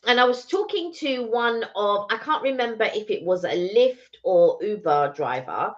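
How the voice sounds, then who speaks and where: A woman's voice: medium pitch, expressive, moderate pace, dull audio. A woman co-hosting a casual live stream, telling stories in a rambling way with many restarts. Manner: rambling storyteller, full of "like" and restarts. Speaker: co-host.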